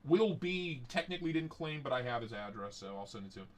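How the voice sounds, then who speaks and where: A man's voice: medium pitch, animated, fast. A man hosting a casual live stream, rambling and joking with a profane edge. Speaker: livestream host.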